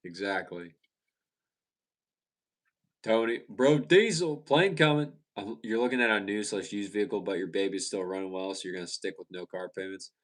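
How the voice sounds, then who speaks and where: Young male streamer, deep voice, laid-back and chatty, trips over his words and restarts. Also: normal speed. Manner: relaxed, chatty, many restarts and stumbles. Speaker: livestream host. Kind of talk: casual live chat reading viewer comments.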